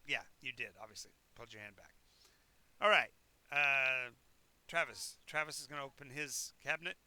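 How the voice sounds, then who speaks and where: A man's voice: mid-range voice, moderate pace, bright, forceful tone, smooth. A man narrating a tabletop game as game master, describing scenes in a rambling, self-correcting way.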